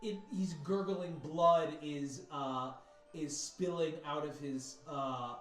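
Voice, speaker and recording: A man narrating as game master, animated, breaking into loud sound effects and voices. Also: a little high, slow pace. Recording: roomy mic with background music. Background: faint music.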